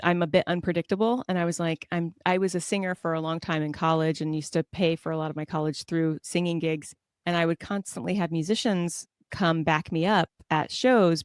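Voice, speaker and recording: A woman from Southern California, a guest on a podcast, telling lively self-deprecating stories and laughing often. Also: fairly low pitch, no room sound, clean studio sound. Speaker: guest author. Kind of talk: casual conversational storytelling.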